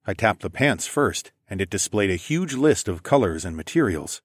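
A man's voice: on the low side, big pitch swings, normal speed, husky, no echo, studio quality. A man reading a first-person story aloud in a casual, wry tone. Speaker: narrator.

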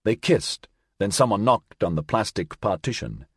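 A man narrating an audiobook with expressive storytelling. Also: lowish voice, normal speed, husky, no echo, studio quality.

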